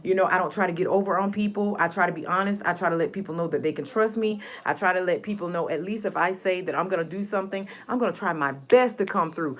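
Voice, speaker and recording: A woman's voice: fairly low pitch, quick pace, few pauses. A woman talking to her viewers in a heartfelt, rambling way, repeating herself for emphasis. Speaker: vlogger. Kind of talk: casual personal vlog.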